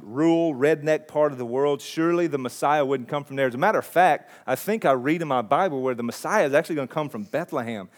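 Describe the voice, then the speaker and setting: A man preaching a sermon in an earnest, conversational way, often restarting his phrases. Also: fairly high pitch. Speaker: pastor.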